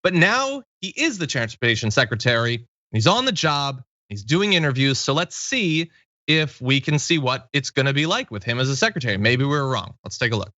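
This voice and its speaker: A man in his thirties hosting a casual political commentary show, talking in a wry, animated way. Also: medium pitch, fairly quick, no room sound, muffled recording. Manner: wry, animated, mocking impressions. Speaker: news commentary host.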